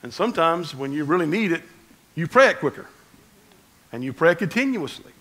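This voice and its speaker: Bright, animated preaching man. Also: fairly high pitch, fairly quick, poor audio. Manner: conversational preaching, swinging between loud emphasis and quiet asides. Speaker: pastor. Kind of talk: sermon.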